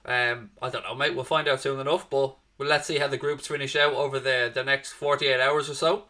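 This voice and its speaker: A man's voice: mid-range voice, level tone, fairly quick, pushed and bright. A man hosting a live football watchalong stream, chatting casually and greeting viewers by name with matey banter. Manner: addresses listeners as mate and folks. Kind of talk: live casual match-preview chat.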